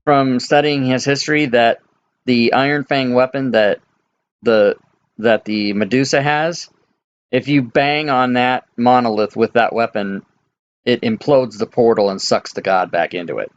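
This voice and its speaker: A man running a tabletop game as dungeon master, explaining slowly with frequent hesitations. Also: medium pitch, highs cut off. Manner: unhurried, hesitant with many ums.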